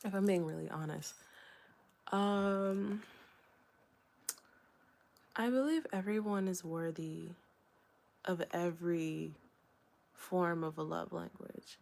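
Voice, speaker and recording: Candid woman musing aloud, lowish voice. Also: slow pace, gravelly, pauses often. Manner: candid, rambling, many fillers and soft laughs. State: hiccups. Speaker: vlogger. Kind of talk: reflective solo vlog talk.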